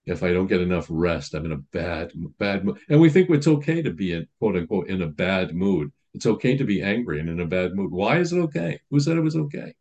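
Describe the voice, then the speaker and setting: A man's voice: low voice, very animated, brisk, hardly any pauses, darkish tone. A man priest giving a sermon in a conversational teaching manner, reading quotations aloud and explaining them.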